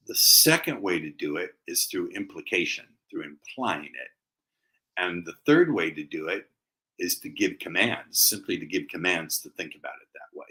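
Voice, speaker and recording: Man, low voice, bright and forceful tone, sales trainer, emphatic, playful. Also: poor audio. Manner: emphatic, playful, stresses key words. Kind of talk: teaching sales techniques.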